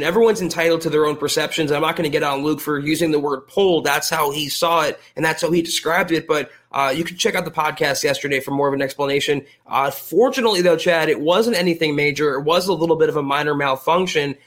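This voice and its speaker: A man co-hosting a sports podcast as a reporter, giving measured analysis in casual talk. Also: on the high side, a bit bright.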